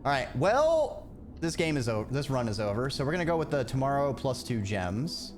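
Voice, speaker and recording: A man's voice: mid-range voice, big pitch swings, moderate pace, over music. A man streaming a video game, chatting his way through it and now and then breaking into exasperated outbursts. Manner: chatty, reacts aloud with sudden exasperated outbursts. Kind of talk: live gameplay commentary.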